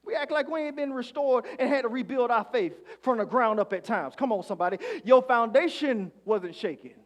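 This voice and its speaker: A man preaching as pastor speaks a little fast in an extremely high-pitched voice. He asks the congregation to answer back, swinging between soft lines and shouts.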